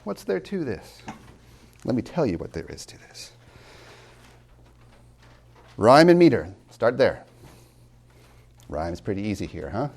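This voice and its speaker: A man lecturing on poetry as a college tutor. He slows down to stress key words, swings from loud to near-whispered, and drops wry asides to his students. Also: on the low side, big pitch swings, vocal fry. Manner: dramatic swings in loudness, drops to near whispers when savoring lines; slow, deliberate emphasis on key words.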